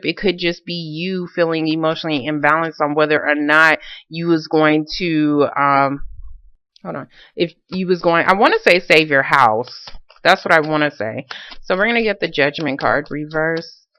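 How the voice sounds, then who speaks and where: A woman's voice: sits low, clean tone, no room sound, muffled recording. A woman giving a casual tarot card reading, chatty and colloquial, with frequent fillers and laughter. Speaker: tarot reader.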